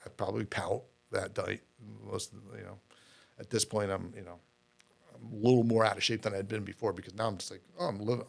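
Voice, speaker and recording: A man's voice: lowish voice, steady tone, fairly quick, creaky. A middle-aged man, a podcast guest, telling his story in a candid, rambling way with many fillers and repeated words.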